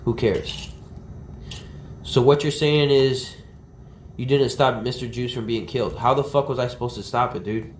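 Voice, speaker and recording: A man's voice: medium pitch, steady tone, normal speed, pauses often, a little hiss or hum. A man livestreaming outdoors, ranting in a rambling, agitated and profane way. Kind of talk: ranting IRL stream talk. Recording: roomy, from the mic, faint ambience.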